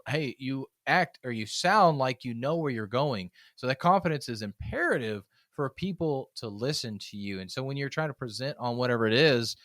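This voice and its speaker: A man's voice: mid-range voice, dry recording, clean studio sound. A man, a public speaking coach, chatting as a podcast guest and acting out little stories. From United States. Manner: animated storyteller, acts out quoted voices. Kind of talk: casual podcast conversation.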